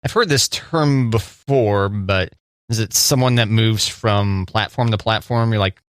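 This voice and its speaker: A man co-hosting a radio show, teasing his partner and answering with quick short replies. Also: lowish voice, a bit bright, clean tone, no room sound, clean studio sound. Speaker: radio co-host. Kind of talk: morning radio show chat.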